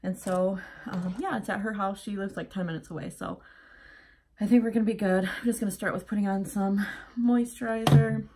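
A woman's voice: medium pitch, fairly even intonation, fairly quick, mellow, a little hiss or hum. A young pregnant woman chatting casually as she gets ready at home, a little out of breath and rambling with lots of fillers. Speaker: vlogger. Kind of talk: casual getting-ready vlog.

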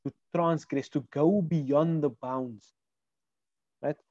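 A man's voice: on the high side, steady tone, takes it slowly, dark tone, no echo, lo-fi sound. A man teaching a Quran Arabic lesson online, explaining word by word and asking his students questions. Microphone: video call.

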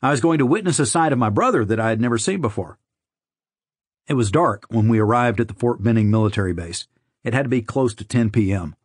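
Man, audiobook narrator, steady conversational storytelling, mid pitch, dry close recording. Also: fast talker, husky, dry recording. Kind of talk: scripted first-person audiobook narration.

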